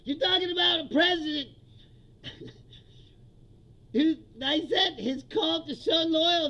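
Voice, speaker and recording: A man's voice: very high-pitched, takes it slowly, pauses often, sharp tone, highs cut off. A man in his fifties, a comedian hosting a profane, ranting comedy livestream and laughing often. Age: 50s. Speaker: comedian host.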